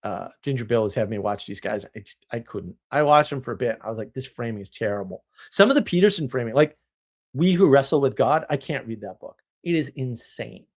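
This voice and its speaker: Animated, opinionated male live-streamer. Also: mid-range voice, fairly quick. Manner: animated, opinionated, rambling with restarts. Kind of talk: casual live-stream talk answering chat.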